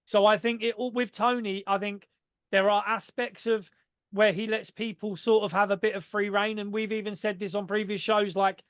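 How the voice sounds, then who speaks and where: A man with a notably high voice chats on a podcast in a very dry, close-miked sound. He is animated and sweary, piling on fillers. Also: moderate pace, clean tone, no echo. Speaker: podcast co-host. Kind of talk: casual chat.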